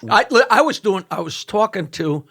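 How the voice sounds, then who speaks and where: An older man who tells jokes for a living spins a long story with quick asides, his voice sitting high and sounding bright and sharp. He talks casually as a podcast guest, hitting each point hard. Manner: animated joke-telling with quick asides. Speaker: comedian guest.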